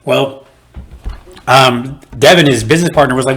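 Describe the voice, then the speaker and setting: A man's voice: mid-range voice, normal speed. A man doing a stand-up set for a home-made video with no audience, telling stories and acting out the people in them. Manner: animated storyteller who acts out the people in his stories. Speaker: stand-up comedian.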